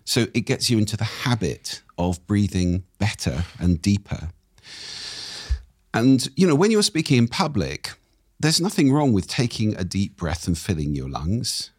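A man, a speaking coach, explaining in conversation with lively, demonstrative intonation and a husky voice. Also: lowish voice, measured pace, no room sound, clean studio sound.

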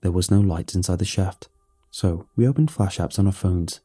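Low husky guy reading a tense first-person story, really dark mellow voice. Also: normal speed. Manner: tense, hard-boiled storytelling. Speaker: narrator. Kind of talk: first-person audiobook narration.

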